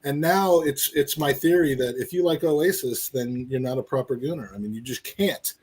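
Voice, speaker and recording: A man's voice: medium pitch, moderate pace, a little mellow, slightly rough. Rambling, jokey male podcast host. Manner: rambling, jokey, many restarts. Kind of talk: casual live-stream chat.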